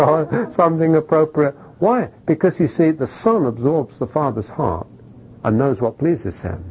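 A middle-aged man preaching a sermon, animated, throwing rhetorical questions at the congregation and checking in with "okay?". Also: fairly high pitch, moderate pace, a little hiss or hum, poor audio.

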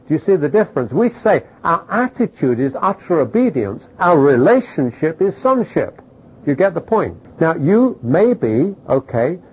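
A middle-aged man preaching a sermon, animated, throwing rhetorical questions at the congregation and checking in with "okay?". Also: a little high, slightly rough, poor audio.

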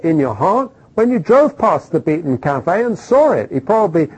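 Husky, animated middle-aged male preacher. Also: on the high side, moderate pace, hardly any pauses, low-quality recording. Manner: animated, rhetorical questions, frequent "okay?". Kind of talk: sermon.

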